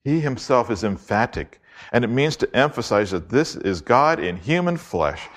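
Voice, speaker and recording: A man preaching an expository sermon, reading scripture aloud and slowing down to stress key words. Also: medium pitch, very animated. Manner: emphatic, deliberate, slows to stress key words.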